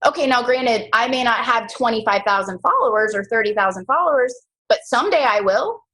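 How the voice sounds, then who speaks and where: A young woman leading a team coaching call, chatty and animated, full of slang and quick asides. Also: poor audio. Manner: animated, chatty, slangy, jumps into high mock voices. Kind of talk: casual motivational team call.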